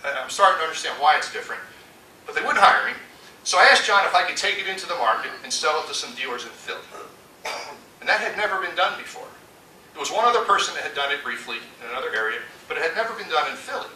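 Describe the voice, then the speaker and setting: A man giving a storytelling keynote talk, animated and acting out the voices he quotes. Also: fairly high pitch, quick pace, slight background noise. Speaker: conference speaker. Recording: echoey hall from far off.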